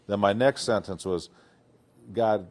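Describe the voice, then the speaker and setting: An older man from Detroit, a retired football player, telling stories in a casual interview, animated and acting out what people said. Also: fairly low pitch, unhurried. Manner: animated, acts out quotes, laughs often.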